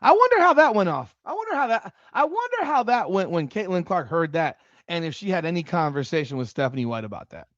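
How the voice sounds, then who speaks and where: This is a sports commentary host in full rant mode, swearing freely and getting worked up. The voice swings widely in pitch. The audio is dull, lo-fi and dry. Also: fast talker, hardly any pauses, no room sound. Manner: profane, heated and animated. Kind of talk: ranting livestream commentary.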